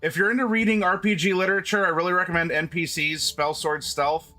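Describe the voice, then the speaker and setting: Chatty high-voiced man streaming live. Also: steady tone, a little fast, sharp tone, faint music behind. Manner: chatty, restarts often, addresses chat directly. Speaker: streamer host. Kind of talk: casual live-stream chat.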